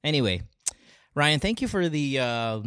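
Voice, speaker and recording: A man's voice: on the high side, sing-song, a little slow, a bit bright, smooth, dry recording, studio quality. A man from the Philippines hosting a call-in podcast over a video call, ranting with lots of swearing and laughter. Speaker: podcast host taking callers. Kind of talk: casual chat.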